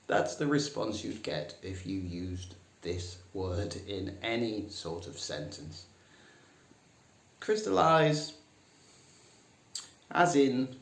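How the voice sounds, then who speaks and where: A man teaching a comic lesson, dry and mock-serious, putting on higher voices for the phrases he quotes. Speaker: English teacher. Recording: echoey room.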